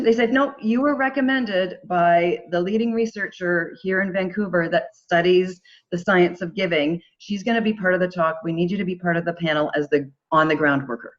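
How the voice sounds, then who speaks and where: A middle-aged woman tells a personal story as a podcast guest. She talks in a lively, animated way and slips into quoted voices for the people in it. The recording sounds dull and lo-fi. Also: on the low side, moderate pace. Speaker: podcast guest, charity founder. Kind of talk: casual storytelling.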